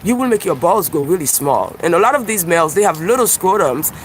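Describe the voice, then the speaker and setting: A man with a high voice rambles through a live-stream monologue outdoors. He is animated and profane, and he laughs at his own jokes. Loud traffic noise sits under everything he says. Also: fairly quick. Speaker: YouTube livestreamer and self-described comedian. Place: outdoors by a busy street with birds. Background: passing cars and birdsong.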